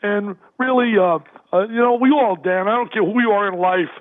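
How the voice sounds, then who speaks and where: A man's voice: sits high, fairly quick. An older man, a basketball analyst phoning in as a guest, talking emphatically and repeating himself with energy. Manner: emphatic, repetitive, energetic storyteller. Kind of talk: phone-in radio interview. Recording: tinny phone line.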